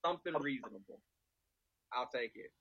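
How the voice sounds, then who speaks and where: A man's voice: mid-range voice, lively intonation, fairly quick, breathy edge, dry recording, highs cut off. A man on a video call from home, playful and dramatic while joining a casual sports chat. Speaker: panelist.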